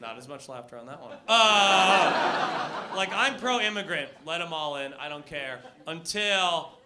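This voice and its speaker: A man's voice: a little high, lively intonation, a little slow, heavy background noise. Brash young male stand-up comic. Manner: brash, profane crowd work with shouted punchlines. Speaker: stand-up comedian. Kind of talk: stand-up comedy set. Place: comedy club with live audience. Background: audience laughter.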